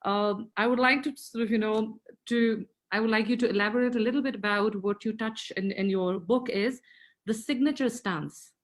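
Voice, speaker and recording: A woman's voice: fairly high pitch, normal speed. Hesitant woman host asking a question. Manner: hesitant, repeats words as she frames questions. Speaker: interview host.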